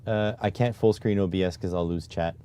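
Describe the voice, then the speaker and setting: A man's voice: low voice, fairly even intonation, a little fast, warm tone, clear, resonant tone. A man streaming live, muttering to himself and getting exasperated while he fiddles with display settings. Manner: exasperated, keeps sighing oh my God. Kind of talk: casual live-stream talk.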